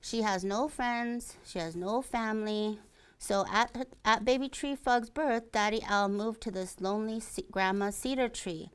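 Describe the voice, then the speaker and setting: A woman storyteller reading stories aloud in a library, slow and careful. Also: mid-range voice, smooth.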